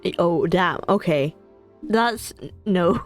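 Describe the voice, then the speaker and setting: A woman's voice: on the low side, slow pace. Woman streamer reacting to a game, chatty, stumbles a lot, bouncy voice, music faint behind. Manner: excitable, chatty, stumbles and repeats. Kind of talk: casual gameplay reaction.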